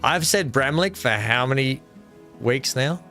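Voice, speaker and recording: A man's voice: mid-range voice, animated, a little slow, bright, forceful tone, faint music behind. Rambling, self-mocking male game streamer. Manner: rambling, self-mocking, thinks aloud with many fillers. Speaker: streamer building a theme park in a game. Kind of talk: casual live-stream chat with viewers.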